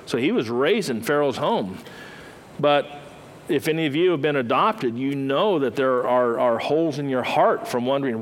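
A male preacher delivering a sermon in a relaxed storytelling manner, voicing the characters as he tells their stories. His voice sits at an ordinary middle pitch, and a faint hiss runs under the recording. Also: normal speed, poor audio. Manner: conversational storytelling, acting out the characters.

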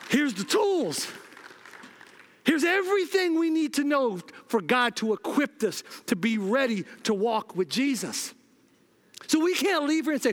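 A man's voice: very high voice, very animated, a little slow. A man preaching a sermon, urgently repeating "listen" to the congregation and telling personal stories with acted-out dialogue.

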